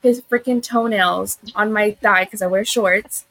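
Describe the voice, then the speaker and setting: A woman's voice: mid-range voice, steady tone, measured pace, a bit bright, no echo, rough recording. A young adult woman co-hosting a podcast, chatting casually about her kids. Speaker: podcast co-host. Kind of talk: casual chat.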